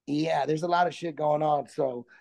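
Gravelly, dark-voiced man chatting casually. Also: a little high, steady tone, normal speed. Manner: laid-back, stammers and restarts, laughs often. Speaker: guest, comedian and jiu-jitsu instructor. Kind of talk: casual interview chat.

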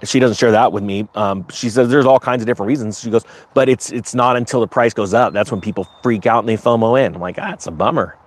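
Animated man ranting on a livestream. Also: fast, few pauses. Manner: animated, sarcastic, rising to high excited pitch; rambling with many restarts. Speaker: crypto market livestream host. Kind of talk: casual livestream rant.

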